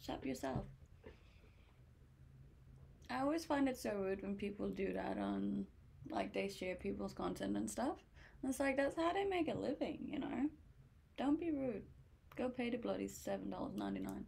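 A woman's voice: mid-range voice, big pitch swings, normal speed, vocal fry, long pauses, darkish tone, breathy edge. A young woman streamer from Denmark chatting casually and answering viewers' questions aloud. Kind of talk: casual chat reading viewer comments.

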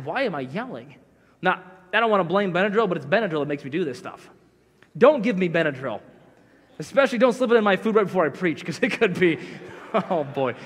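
A man's voice: high voice, a bit bright. A middle-aged man preaching a sermon as pastor, telling self-deprecating stories in a conversational way. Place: church sanctuary. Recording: long church hall reverb.

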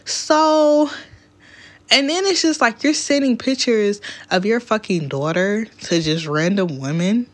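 A young woman talks straight to her viewers in a loose storytime chat. Her delivery is blunt and profane, and she keeps breaking into laughter as she goes. Her voice sits at a middling pitch for a woman. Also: expressive, measured pace. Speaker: vlogger. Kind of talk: casual storytime chat to camera.

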